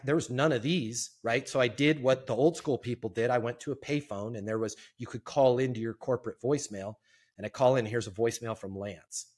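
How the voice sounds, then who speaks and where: A man who is a podcast guest, telling a sales story in an animated way and acting out the quotes. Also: on the low side. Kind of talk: storytelling interview.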